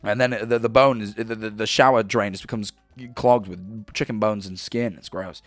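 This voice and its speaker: A man's voice: lowish voice, steady tone, moderate pace, no echo, faint music behind. A man in his twenties streaming from home, casually chatting and reading viewer messages in a rambling, stumbling way.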